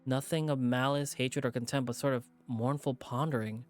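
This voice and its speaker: A stressed streamer narrating a visual novel, rattled and muttering in disbelief. The voice sits at a middling pitch, with soft music playing faintly behind. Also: fairly even intonation, moderate pace. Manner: rattled, repeating itself, swearing under its breath. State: stressed, shaken. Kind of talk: reading a game aloud with character voices.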